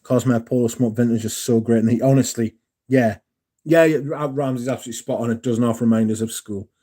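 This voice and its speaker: A man hosts a casual livestream. His voice is mellow and dark, and he rambles along in a chatty, loose way, swearing freely. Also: mid-range voice, steady tone, brisk. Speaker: livestream host. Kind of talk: casual chat.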